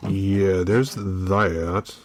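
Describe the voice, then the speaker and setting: A man's voice: low voice, steady tone, drawn-out words, no echo. A man from Maryland hosting a solo podcast, rambling and joking with lots of fillers. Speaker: podcast host. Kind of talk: casual solo podcast chat.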